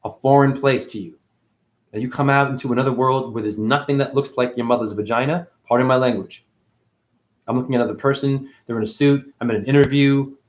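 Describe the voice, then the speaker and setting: A man's voice: mid-range voice, steady tone, fairly quick. A man giving a spiritual monologue as a teacher, preachy and profane, firing one rhetorical question after another.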